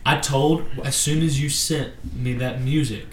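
A man, a groom-to-be, telling family stories earnestly in a relaxed podcast chat. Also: medium pitch, a little slow. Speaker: guest, groom-to-be. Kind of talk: casual storytelling on a podcast. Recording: roomy echo.

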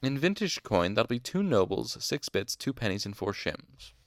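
A man's voice: medium pitch, very animated, normal speed, no echo, studio quality. A man reading an audiobook, voicing a haughty, condescending rich young nobleman student. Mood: smug. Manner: smug, clipped and condescending.

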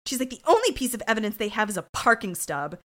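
Woman co-host, lively pitch, blunt and profane, casual recap. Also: quick pace. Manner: blunt, swears, acts out quotes. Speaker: podcast co-host. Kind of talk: casual chat recapping a TV episode.

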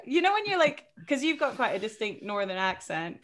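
Lively woman guest in casual chat. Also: a little high, fairly quick. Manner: animated, laughs often, self-deprecating.

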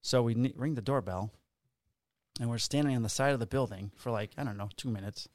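A man's voice: mid-range voice, fairly quick, no room sound. A man co-hosting a casual podcast, rambling through stories, jokes and a sponsor read. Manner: joking, rambling storyteller. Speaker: podcast co-host. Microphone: studio podcast mic.

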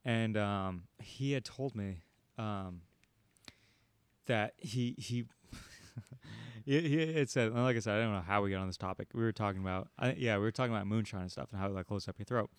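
A man's voice: lowish voice, normal speed, clear, resonant tone, dry recording. A man in casual chat, telling a rambling story with many restarts. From San Diego. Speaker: podcast co-host.

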